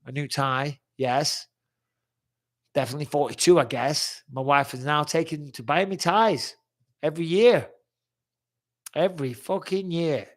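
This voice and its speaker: This fairly high-pitched man speaks at a measured pace with frequent pauses. In his forties, he runs a live fan chat where he reads fans' questions aloud and gives blunt, talkative answers peppered with swearing, his voice carrying the tail end of a cold.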